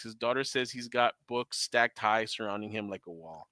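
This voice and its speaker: A man co-hosting a casual comics podcast, animated and swearing freely. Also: medium pitch, a little fast, hardly any pauses, no room sound. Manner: animated, swearing, laughs often. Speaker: podcast co-host. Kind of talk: casual chat.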